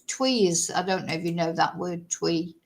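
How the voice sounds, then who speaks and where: A woman's voice: on the low side, moderate pace. A woman commenting casually on a true crime story during a live stream, rambling with many fillers.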